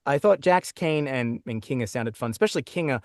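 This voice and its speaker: A man with an Australian accent, chatting as a guest in an interview, talking in quick restarts and laughing easily. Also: medium pitch, lively intonation, no room sound, clean studio sound. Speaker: guest voice actor. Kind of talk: casual interview chat. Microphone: own microphone.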